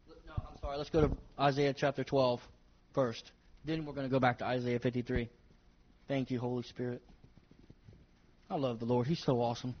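A man's voice: medium pitch, flat delivery, normal speed, long pauses. A man preaching a sermon to his congregation, emphatic and repeating his phrases as he speaks straight to them. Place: church service with congregation. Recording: dull lo-fi recording.

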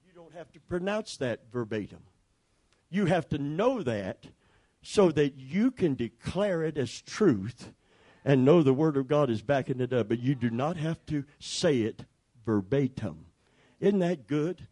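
A man's voice: fairly high pitch, lively intonation, a little slow, warm tone. A man pastor preaching a sermon with emphatic repetition and calls for the congregation to respond.

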